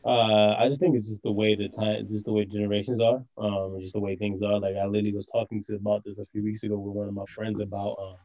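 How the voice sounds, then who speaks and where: A man's voice: on the low side, fast, few pauses, highs cut off. A man guesting on a podcast, telling stories in casual chat and packing his talk with fillers. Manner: animated, filler-heavy storytelling. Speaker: podcast guest, soccer show host.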